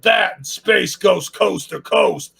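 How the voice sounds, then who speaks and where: A man's voice: high-pitched, slow, creaky, a bit bright, breathy edge. A man hosting a casual channel review, sarcastic and rambling.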